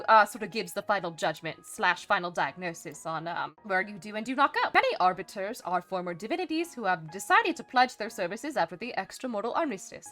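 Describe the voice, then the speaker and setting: A woman's voice: medium pitch, a bit bright. A woman streaming in character, chatting casually in a rambling, hesitant way with lots of fillers and restarts, and a dry, playfully smug humor. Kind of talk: casual live-stream chat.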